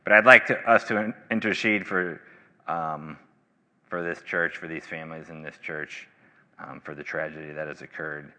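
Deep-voiced preacher in an echoing hall. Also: male voice, steady tone, normal speed, pushed and bright. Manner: earnest, rising to emphatic bursts then dropping low. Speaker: pastor. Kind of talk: sermon.

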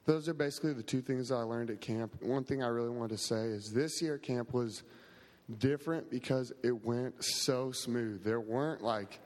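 A man's voice: mid-range voice, a little mellow. Young-sounding man thanking a congregation in a reverberant hall. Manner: casual, grateful, many fillers. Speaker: church camp staff member. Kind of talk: testimony to a congregation.

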